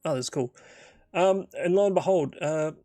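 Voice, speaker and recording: A man's voice: fairly high pitch, moderate pace, mellow, no room sound, faint music behind. A man narrating and improvising a solo tabletop game, rambling and thinking aloud with many fillers.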